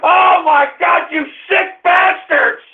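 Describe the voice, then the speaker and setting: A man hosting a radio show, ranting in exasperation at his chat room, swinging between groans and shouts. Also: very high-pitched, steady tone, slow, very noisy. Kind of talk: exasperated live call-in banter. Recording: tinny phone-line sound.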